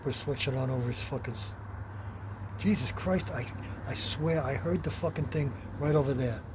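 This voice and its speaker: A middle-aged man, telling a rambling, profane workplace story in a blunt, gruff manner. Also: medium pitch, moderate pace. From Long Island, New York. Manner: blunt, heavy swearing, gruff. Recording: noisy background with vehicle sounds.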